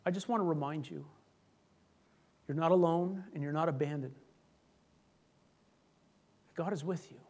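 Male pastor, middle-aged, slightly high voice, conversational storytelling sermon. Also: measured pace, pauses often, a little mellow. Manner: chatty storytelling, jokes with congregation.

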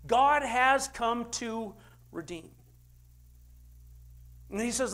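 An older man preaching a sermon as a pastor, emphatic, with big swings in pitch and loudness. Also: drawn-out words.

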